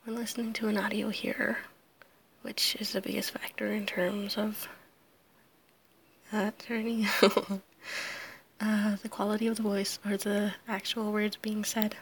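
This casual solo recording features a woman answering a questionnaire as an audio creator, her voice hoarse, ill-sounding, and half-whispered. She talks haltingly, apologizes repeatedly, and laughs nervously, at a medium pitch that barely moves.

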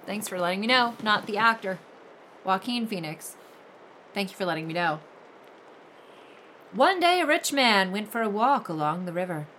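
A woman's voice: a little high, fairly bright tone, a little hiss or hum. A woman reading fairy tales aloud as host, breaking off into sarcastic, mock-exasperated commentary. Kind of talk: comic storytelling reading with running commentary.

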